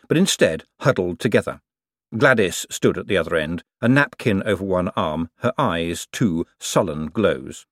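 A man narrating an audiobook in an expressive, comic reading style. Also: on the low side, dry recording, clean studio sound. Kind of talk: scripted narration.

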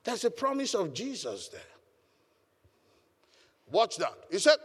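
A man's voice: fairly high pitch, big pitch swings, moderate pace, pauses often, big-room sound. A man preaching a sermon as pastor, emphatic and calling on the congregation to respond. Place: church hall.

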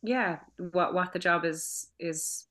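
A Cork Irish woman in her thirties talks through her filmmaking career from home, in a relaxed interview. Her voice sits fairly low but comes across bright and forceful. She rambles easily, restarting phrases and filling gaps with fillers. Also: slow pace. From Cork, Ireland. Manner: chatty, many restarts and fillers, laughs often. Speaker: filmmaker and acting school director. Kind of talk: casual interview chat.

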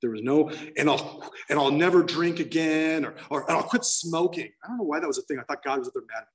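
A man's voice: on the high side, lively intonation, a little fast, far from the mic. Man telling a candid recovery story. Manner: candid, emotional storytelling with restarts. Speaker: speaker sharing his story.

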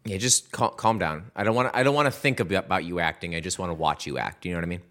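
A man's voice: sits low, very fast, fairly bright tone. A man co-hosting a casual podcast, talking loosely with many fillers and trailing sentences. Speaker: podcast co-host. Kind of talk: casual chat.

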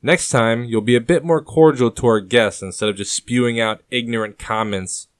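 A man's voice: medium pitch, moderate pace, smooth, no room sound, clean studio sound, natural voice. A man voicing the commanding leader of a rebel group, speaking sharply and with proclamation, in an audiobook. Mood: chiding.

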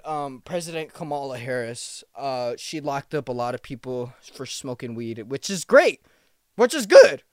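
A man in his early twenties rambles through a solo podcast in loose slang, swearing and joking as he goes. His voice is smooth and resonant, recorded close and dry. He sounds tired, as if short on sleep. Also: on the high side, no room sound. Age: 20s. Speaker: podcast host. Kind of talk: casual podcast monologue.

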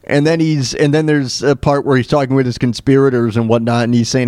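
A man's voice: medium pitch, little pitch movement, fairly quick, few pauses, a little mellow, dry recording, studio quality. A man hosting a podcast, riffing in a rambling, joking way that is full of repeated words and restarts. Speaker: podcast host. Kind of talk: casual comedic commentary.

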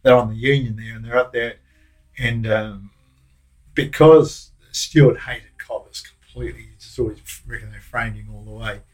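An older Australian man, once a prison officer, rambles through slang-heavy anecdotes in a relaxed interview, often restarting his sentences. His mid-range voice holds a steady tone at a moderate pace. The audio quality is poor.

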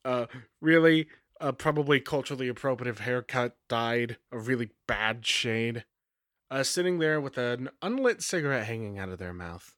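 A man narrating as game master in a relaxed, rambling way, full of fillers and self-corrections. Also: mid-range voice, moderate pace, dry recording, clean studio sound. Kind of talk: casual tabletop game narration.

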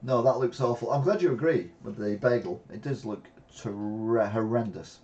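A man's voice: lowish voice, normal speed, a little mellow, highs cut off. A man hosting a live weekly news show, reading headlines aloud and adding casual, chatty asides. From Britain. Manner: reads headlines then riffs with asides.

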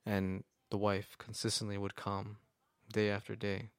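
Low gravelly man, earnest and reflective. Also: monotone, a little slow, no echo, studio quality. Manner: earnest, reflective, with fillers like right. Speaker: podcast co-host. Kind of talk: casual chat.

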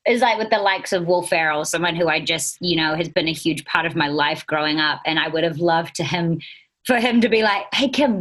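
This is a woman in her thirties with a New Zealand accent, talking casually as an interview guest. Her voice sits a little low, and she giggles and bounces between thoughts with bright animation. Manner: giggly, animated, laughs often.

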